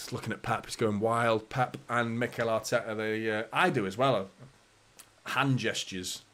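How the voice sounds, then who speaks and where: A man's voice: lowish voice, fairly even intonation, takes it slowly, long pauses, sharp tone. A man hosting a live match watchalong, chatting casually with viewers, bantering and swearing lightly. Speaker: fan channel host.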